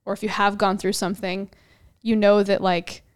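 A woman co-hosting a podcast, speaking in a smooth, clear voice. She talks earnestly and reflectively about faith, letting her thoughts run on in long, flowing stretches. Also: mid-range voice, little pitch movement, normal speed. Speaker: podcast co-host. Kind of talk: casual faith talk.

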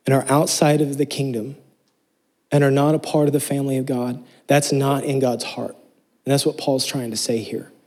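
Husky-voiced man preaching earnestly. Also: medium pitch, a little mellow. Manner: earnest, emphatic preaching with rhetorical questions. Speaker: pastor. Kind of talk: sermon.

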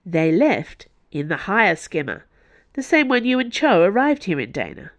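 A woman voicing an eager, excitable female musketeer who talks brightly. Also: mid-range voice, moderate pace, lo-fi sound. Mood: excited.

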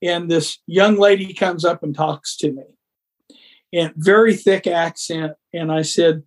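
A man's voice: a little high, steady tone, measured pace. A man, a guest on a podcast, chatting casually and telling teasing stories about old times. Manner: joking storyteller, teasing. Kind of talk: casual chat.

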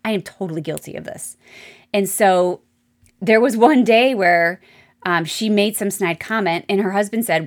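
A woman hosting a solo advice podcast as a marriage coach, talking straight to her listeners in a chatty, animated way. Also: mid-range voice, normal speed.

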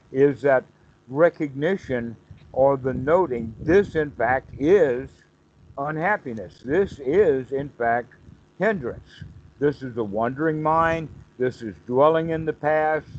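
A man's voice: fairly high pitch, dull audio. A man teaching meditation on a call, explaining patiently and acting out the mind's inner self-talk in quotes.

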